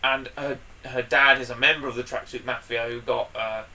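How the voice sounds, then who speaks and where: A man's voice: mid-range voice, moderate pace, recorded from a distance, slight background noise. Chatty man, a bit off-mic. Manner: enthusiastic, rambling, loud bursts when excited. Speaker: podcast co-host. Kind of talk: casual chat.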